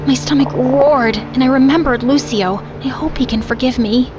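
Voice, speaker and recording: A woman voicing a young girl who sells matches, narrating her own story in a soft, plaintive way. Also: high-pitched, moderate pace, lightly acted. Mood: sorrowful. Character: young girl selling matches, gentle sad teller. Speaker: first-person narrator of an animated story. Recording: dull lo-fi audio under loud music.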